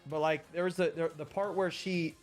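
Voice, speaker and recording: A man's voice: on the high side, steady tone, normal speed, faint music behind. Emphatic, cursing male streamer. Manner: emphatic, profane, repeats points. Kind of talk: casual live-stream rant.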